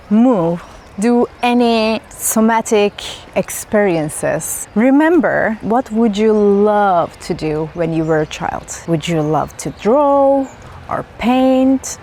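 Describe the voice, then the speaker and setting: A woman's voice: mid-range voice, expressive, slow, darkish tone, slight background noise. Woman musing aloud in a forest. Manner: loose, musing, asks rhetorical questions. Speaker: spiritual vlogger. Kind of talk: spontaneous reflective talk. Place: outdoors in a forest.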